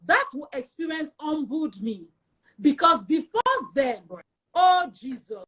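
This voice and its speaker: A young woman with a Nigerian accent, telling her personal story as an interview guest in an emphatic, animated way. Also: sits high, a little slow. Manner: emphatic and animated, acts out quoted voices.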